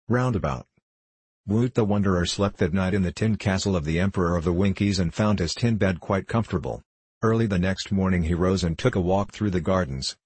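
A man with a deep, husky voice reads a storybook aloud at a steady, even pace. The recording is close and dry, with no room sound behind him. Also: no echo. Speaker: audiobook narrator. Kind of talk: scripted narration.

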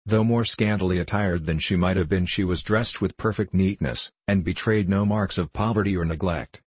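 A man narrating a classic novel in a measured, unhurried storytelling manner. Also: deep voice, husky, no echo.

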